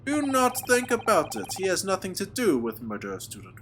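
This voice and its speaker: A man voicing a gruff, hostile male sailor with a fake Russian accent, speaking blunt broken English over a noisy recording. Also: high voice, huge pitch swings, a little fast, over music, pitched above the performer's own voice. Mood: boastful. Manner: broken English with dropped articles, blunt and proud.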